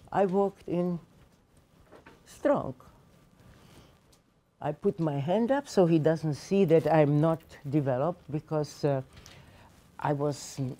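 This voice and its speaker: In a seminar room, a woman in her eighties who survived the Holocaust gives personal testimony to teachers. Her voice is low and mellow, and she tells her story with emphasis and emotion.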